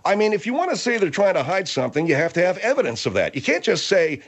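A man's voice: fairly high pitch, sing-song. Exasperated man stumbling through a news read. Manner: halting, stumbling reader, exasperated. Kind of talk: rambling comedic talk, reading news aloud.

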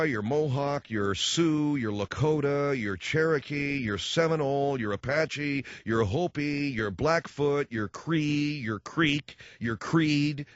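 A man's voice: a little high, takes it slowly, no echo. A man hosting a talk radio show, blunt and sarcastic, acting out other people's voices as he goes. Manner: animated, acts out quoted voices. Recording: dull dry studio sound.

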